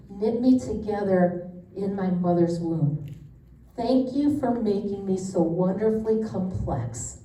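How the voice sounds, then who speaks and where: A middle-aged woman teaches a women's Bible study in a relaxed, candid way, full of asides. Her voice sits a little high with a mellow tone. The mic is some way off, and the room echoes around her. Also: a little hiss or hum. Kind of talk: casual teaching talk. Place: church meeting room. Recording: roomy echo, distant mic.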